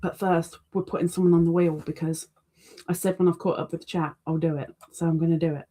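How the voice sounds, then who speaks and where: A woman's voice: on the low side, little pitch movement, fast, warm tone. A woman hosting a casual crafting livestream, reading out viewer comments with chatty, self-deprecating asides. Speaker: crochet livestream host.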